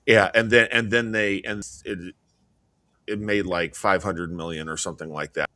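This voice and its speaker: A man co-hosting a podcast, talking casually and rambling with halting restarts. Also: deep voice, fairly even intonation, bright, forceful tone, dry recording, studio quality. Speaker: podcast co-host. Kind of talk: casual chat.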